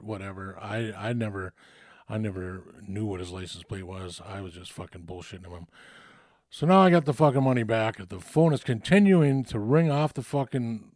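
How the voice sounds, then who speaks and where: A man's voice: fairly low pitch, a little mellow, no echo, studio quality. A man telling a story from his past in a casual, rambling way, swearing freely and full of fillers and restarts.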